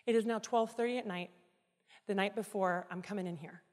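A woman giving a sermon, telling a personal story with dramatic, emotional swings between quiet reflection and loud pleading. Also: mid-range voice, brisk. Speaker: guest speaker. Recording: reverberant hall.

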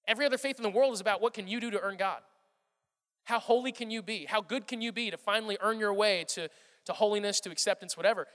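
A man's voice: sits high, fairly bright tone, big-room sound. A man preaching a sermon in a loose, conversational way, often repeating words and slipping into stories. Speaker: pastor.

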